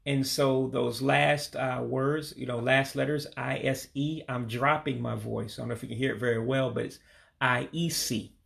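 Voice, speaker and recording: A man from Michigan, casually walking through a vocabulary lesson and repeating each word slowly, with frequent ums and uhs. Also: mid-range voice, flat delivery, vocal fry, fairly bright tone. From Michigan, USA. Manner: repeats words slowly, hesitant with many fillers. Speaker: language learner teaching vocabulary.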